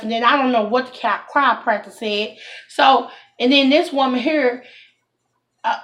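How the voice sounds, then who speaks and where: Vlogger del Sud, voce femminile animata. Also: female voice, sits high. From Texas. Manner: animated, indignant storytelling, addresses viewers as y'all. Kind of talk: casual storytime talk to camera.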